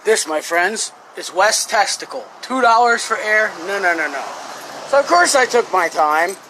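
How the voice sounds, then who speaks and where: A man's voice: sits high, animated, normal speed, background noise. A man in his forties with a Philadelphia accent, rambling and joking to his phone camera from his truck. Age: 40s. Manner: joking, rambling, self-mocking. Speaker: vlogger, scrap-metal worker. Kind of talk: casual vlog monologue.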